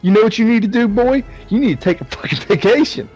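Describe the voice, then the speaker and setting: A man's voice: sits high, animated, fast, darkish tone, breathy edge, muffled recording, faint music behind, voice pushed up. A man mimicking a sarcastic male boss who scolds an employee, in a raised voice. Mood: mocking.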